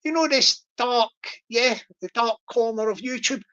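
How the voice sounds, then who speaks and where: A woman's voice: fairly high pitch, a little slow, sharp tone, lo-fi sound. A woman, rambling on as a YouTuber in a casual monologue, repeating herself and chuckling often. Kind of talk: casual monologue livestream commentary.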